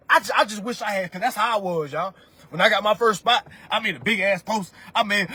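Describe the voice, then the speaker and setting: He talks fairly quickly in a high, husky voice that sounds pushed and bright, with no room sound on the phone recording. The man, in his thirties, is ranting on a livestream about money, preaching and swearing while calling his viewers family.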